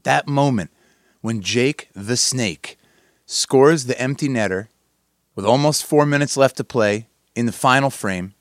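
A man's voice: mid-range voice, no room sound, clean studio sound. A tired man hosting a casual sports podcast, rambling and joking at his own expense. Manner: jokey, meandering, self-deprecating. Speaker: podcast host.

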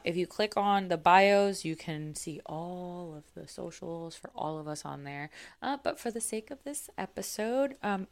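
A woman's voice: on the low side, gravelly, fairly bright tone, clean tone. A young woman co-hosting a podcast, talking casually and rambling a little. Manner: apologetic, rambling. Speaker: podcast co-host.

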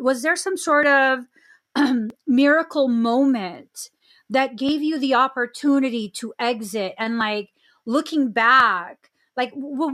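A young woman hosting a podcast in casual chat, expressive, with frequent laughs and exclaimed reactions. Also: high voice. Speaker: podcast host.

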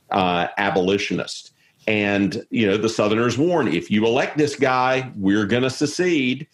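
Low-voiced man, halting restarts. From South Carolina, US. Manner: rambling, many restarts and repeated words. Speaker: guest. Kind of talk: conversational interview.

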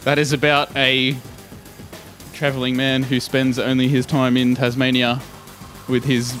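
A man's voice: mid-range voice, monotone, measured pace, a bit bright, faint music behind. A man in a casual quiz, making up silly answers in a playful way. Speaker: quiz contestant. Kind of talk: casual quiz game chat.

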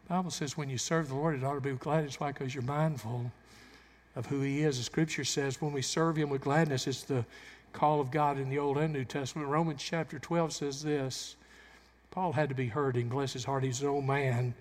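A pastor preaching a sermon in a church, swinging into loud emphatic bursts and acting out the quotes he cites. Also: mid-range voice, steady tone, a little fast. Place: church sanctuary. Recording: long hall reverb.

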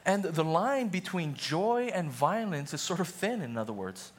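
A man's voice: fairly high pitch, very animated, normal speed. A young adult man, a pastor, preaching a sermon in a casual, conversational way, often checking in with the congregation. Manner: conversational preaching with frequent "right?" and "okay?" asides.

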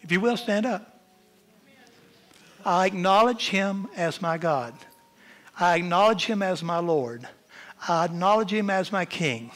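A man's voice: expressive, measured pace, long pauses, fairly bright tone, faint music behind. A man preaching a sermon as pastor, with impassioned delivery that swells and drops. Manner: impassioned preaching, rising and falling in pitch and volume. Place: church.

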